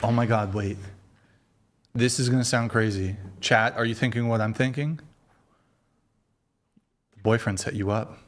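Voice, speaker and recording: A man's voice: medium pitch, steady tone, a little slow, pauses often. A man hosting a casual chat show, reacting to a guest in a blunt, joking way. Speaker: host.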